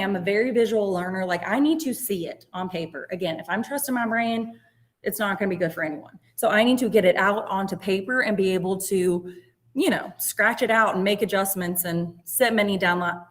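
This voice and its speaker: A woman leads a casual workshop as a special education teacher. She talks in a chatty, self-deprecating way, often dropping into quick muttered asides. Her voice sits at an ordinary middle pitch. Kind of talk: informal presentation.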